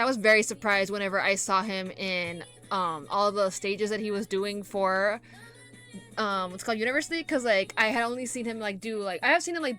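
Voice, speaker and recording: A woman reacting casually to photos, rambling and full of fillers, gushing with excitement. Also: mid-range voice. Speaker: K-pop reaction vlogger.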